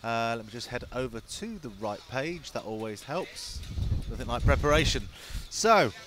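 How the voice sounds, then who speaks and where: A man's voice: mid-range voice, expressive, normal speed, a bit bright, slight background noise. A man reading race results and greeting new group members, chatty and self-mocking. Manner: chatty, self-mocking, apologetic about names. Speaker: race stream presenter. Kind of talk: casual live-stream chat. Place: outdoors at race track.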